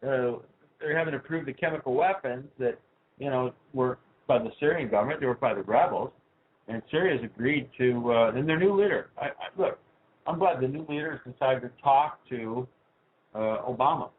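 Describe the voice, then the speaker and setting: A man hosting his own talk radio show, ranting with heat and swinging from low asides to loud outbursts. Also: moderate pace. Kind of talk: political talk radio rant. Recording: tinny phone-like sound.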